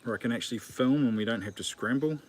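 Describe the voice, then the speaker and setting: A fast-talking New Zealander of medium pitch hosts his channel while sharpening a chainsaw outdoors, chatting casually and joking at his own expense. He's easily distracted, and the noisy recording picks up filing and birds.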